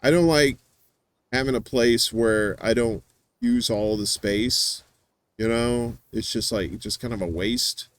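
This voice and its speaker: A man's voice: medium pitch, slow, no echo. A man hosting a show, chatting casually in a rambling, teasing way with lots of fillers and restarts. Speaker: podcast host. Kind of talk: casual chat.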